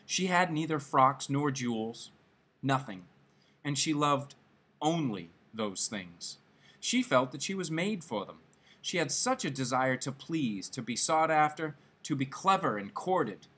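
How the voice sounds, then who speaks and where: A man reading a classic short story aloud, in an expressive, dramatic manner. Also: mid-range voice, a little slow, breathy edge. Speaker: story reader.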